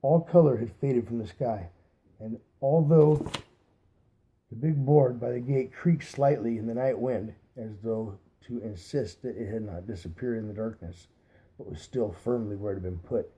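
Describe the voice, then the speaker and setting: A man reading a novel aloud at an unhurried pace, correcting his slips as he goes. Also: medium pitch, mellow. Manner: unhurried, re-reads stumbles aloud. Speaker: reader.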